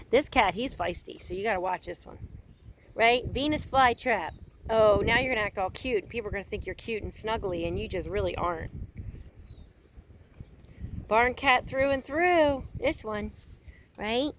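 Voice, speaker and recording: A woman's voice: a little high, expressive, normal speed, long pauses, a bit bright, slight background noise. A woman chatting casually for her vlog outdoors on a farm pasture, cooing at her animals as she goes. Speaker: horse owner and vlogger.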